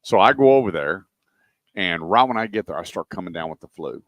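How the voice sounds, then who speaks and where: A middle-aged man with a drawl and a very low voice hosts a radio show from a car dealership. His sound is close and dry, with no room around it. He tells stories in an animated, folksy way. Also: brisk, dry recording. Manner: folksy, animated anecdote teller. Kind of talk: casual chat and storytelling.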